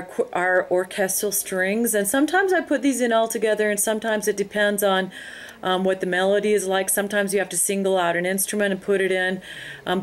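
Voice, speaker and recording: A woman narrating a screen-recorded tutorial, explaining her steps in an unhurried way with frequent ums. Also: mid-range voice. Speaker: music software instructor.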